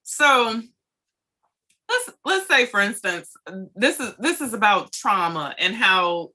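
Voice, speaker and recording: Chatty lady host, bright kinda tense voice, slightly high, tells stories. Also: very animated, slow pace. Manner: chatty, laughs, mimics others' words. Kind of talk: casual chat.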